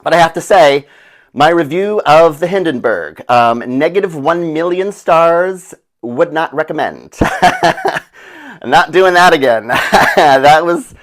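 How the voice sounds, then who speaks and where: A brash, gossipy woman, played by a man, breezes through her tale in a comedic monologue. Her voice sits fairly high and swings widely in pitch, full of flippant asides. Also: lively intonation, measured pace. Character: brash chatty old woman survivor.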